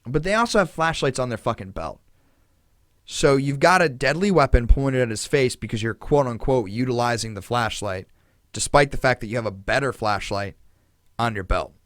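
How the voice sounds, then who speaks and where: A man's voice: medium pitch, lively intonation, normal speed, a bit bright, no echo, studio quality. A man hosting a podcast, telling a story in casual chat with a lot of fillers, indignant and swearing freely. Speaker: podcast host.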